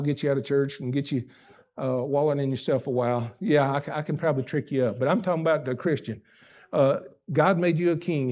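Folksy older preacher, high-voiced. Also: male voice. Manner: folksy, emphatic preaching that swings between loud stresses and hushed asides. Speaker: pastor. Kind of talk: sermon.

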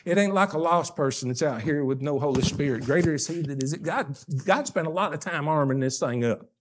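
Folksy older preacher, high-voiced. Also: male voice, fairly quick. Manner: folksy, emphatic preaching that swings between loud stresses and hushed asides. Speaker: pastor. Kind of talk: sermon.

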